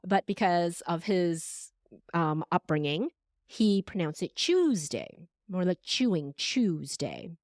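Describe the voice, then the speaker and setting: A woman's voice: on the low side, measured pace, no echo, studio quality. A woman in her forties, a podcast strategist and voice coach, telling stories with animation as a guest in a conversational interview. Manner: animated storyteller, acts out voices.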